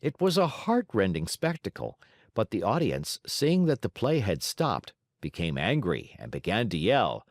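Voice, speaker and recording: A man narrating a classic children's story as an audiobook, in an expressive, varied delivery. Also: lowish voice, measured pace, no room sound, studio quality.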